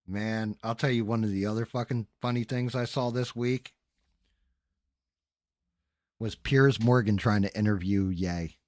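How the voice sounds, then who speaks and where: A man's voice: fairly low pitch, fairly even intonation, unhurried, pauses often, darkish tone, dry recording, studio quality. A man hosting a casual livestream, bantering loosely and swearing with the live chat and his co-hosts. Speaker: podcast host.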